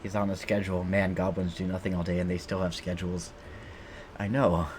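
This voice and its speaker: A man's voice: deep voice, little pitch movement, fairly quick, darkish tone, slight background noise. A man streaming a video game, giving casual, rambling commentary full of fillers and restarts.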